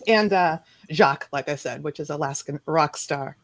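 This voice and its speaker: A woman's voice: low voice, normal speed, a crowd in the background. A woman hosting a live-stream hangout, upbeat and encouraging. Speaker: host.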